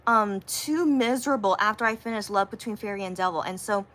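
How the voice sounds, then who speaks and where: Chatty bright-voiced woman telling a story. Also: a little fast. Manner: chatty, rambling, many fillers and restarts; animated, acts out quotes in a higher voice. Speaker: livestreamer. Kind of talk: casual storytelling to viewers.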